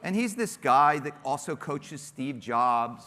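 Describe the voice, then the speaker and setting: A man telling an animated, self-mocking story on a panel and acting out the quotes. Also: medium pitch, takes it slowly, in a large hall.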